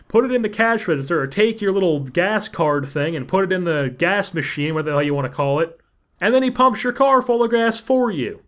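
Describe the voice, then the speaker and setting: A young man in his late teens from Central New Jersey, with a Jersey accent, telling joking stories as a gaming channel commentator. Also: high voice. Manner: joking, sarcastic asides, rising emphasis. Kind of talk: casual storytelling over gameplay.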